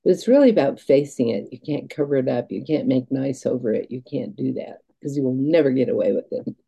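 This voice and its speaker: Interview guest, a woman; husky, gravelly delivery, reflective and halting. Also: rumbling low, lively intonation, mellow, muffled recording. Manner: earnest, halting, with laughs and restarts. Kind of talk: reflective storytelling.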